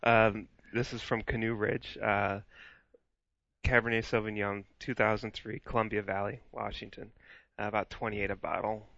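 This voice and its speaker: Gravelly man with halting speech. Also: fairly low pitch, flat delivery, fairly bright tone, no room sound. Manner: halting, full of fillers. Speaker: podcast co-host. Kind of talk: casual chat. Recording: dull lo-fi sound, dry room.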